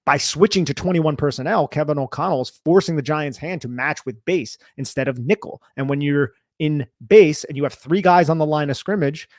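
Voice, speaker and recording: A man's voice: fairly high pitch, brisk, few pauses, a little mellow, no room sound, studio quality. A young man co-hosting a casual sports podcast, talking through game film in a conversational way and laughing easily. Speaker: podcast co-host.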